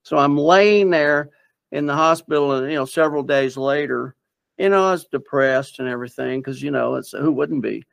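Man, somewhat high voice with gravel, rambling earnest storyteller, dry close sound. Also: normal speed, no room sound. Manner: earnest, rambling, with many fillers and restarts. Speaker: interviewee sharing personal story. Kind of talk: casual personal storytelling.

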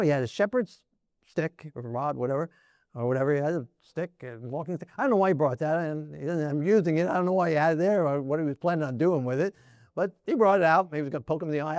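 A man's voice: on the high side, no echo, studio quality. A man preaching a sermon in a conversational way, often checking in with "right?" and small laughs.

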